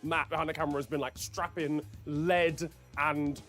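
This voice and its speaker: A man's voice: fairly high pitch, little pitch movement, normal speed, fairly bright tone, faint music behind. A man narrating a racing video in an upbeat storytelling way.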